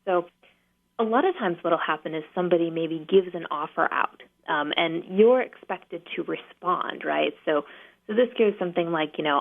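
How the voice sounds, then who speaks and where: A woman negotiation trainer, a guest on a talk show, explaining tactics in a practical, steady way with many fillers. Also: on the low side, moderate pace, creaky. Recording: phone-line guest audio.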